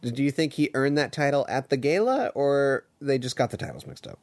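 A man co-hosting a podcast, chatting casually and retelling scenes from a TV episode in a relaxed, deliberate way. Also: medium pitch. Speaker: podcast co-host. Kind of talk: casual chat recapping a TV episode.

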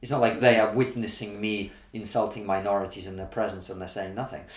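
In an echoey room, a Russian comedian appearing as a guest speaks a little fast in a lowish voice. Chatting casually, he argues his case with animation, leaning heavily on rhetorical questions.

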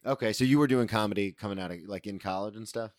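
A man hosting a casual podcast interview, easygoing and quick with interjections. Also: lowish voice, darkish tone, dry recording, studio quality. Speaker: podcast host.

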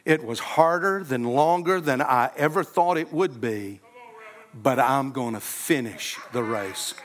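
A man's voice: medium pitch, expressive, a little slow, pitched below the performer's own voice, close to an everyday voice. A male pastor voicing a determined twelve-year-old girl runner, speaking earnestly and resolutely.

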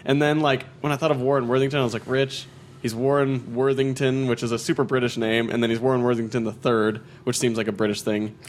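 A man's voice: mid-range voice, level tone, fast talker. Male host, casual chat, upbeat and playful, light background noise. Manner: upbeat, laughs often, playful.

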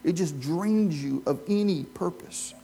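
A man's voice: fairly high pitch, unhurried, vocal fry, mellow, a little hiss or hum. A man preaching a sermon, telling stories and asking the congregation questions. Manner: storytelling, asks the congregation questions. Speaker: pastor. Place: church with a live congregation.

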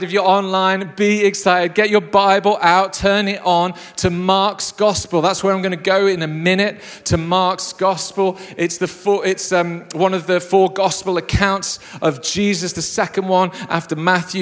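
A man preaching a lively, jokey sermon to a live congregation. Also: high-pitched, normal speed, few pauses, clean tone. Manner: enthusiastic, jokey storyteller. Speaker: pastor. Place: church hall with a live congregation. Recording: long reverb of a large hall.

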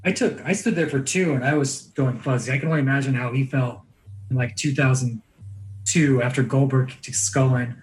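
A man's voice: mid-range voice, fairly even intonation, brisk, low-quality recording. Blunt, profane man telling stories. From Iranian family. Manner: blunt, profane, jokey impressions in anecdotes. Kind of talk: casual storytelling chat.

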